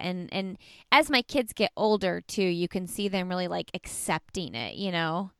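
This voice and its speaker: Woman host in her 30s, smooth but gravelly, dry close sound, supportive. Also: lowish voice, lively intonation, normal speed, fairly bright tone, no echo. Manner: supportive, reflective, frequent affirmations. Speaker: podcast host. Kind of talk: podcast conversation.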